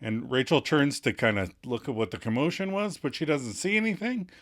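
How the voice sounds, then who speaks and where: Man, podcast co-host, playful, jokey, lively pitch, casual recap chat. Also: a little fast. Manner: playful, jokey, laughs often.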